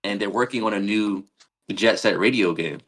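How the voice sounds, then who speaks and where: A man guesting on a live-streamed podcast, telling a casual story in an animated way, acting out what people said and swearing freely. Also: fairly low pitch, moderate pace, husky. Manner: animated, retells scenes with quoted dialogue, swears casually. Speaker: podcast guest, game creator.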